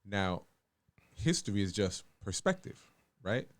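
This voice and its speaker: A man co-hosting a podcast, making his points calmly and steering the talk with leading questions. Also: lowish voice. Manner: calm, measured, asks leading questions. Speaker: podcast co-host. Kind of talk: casual debate.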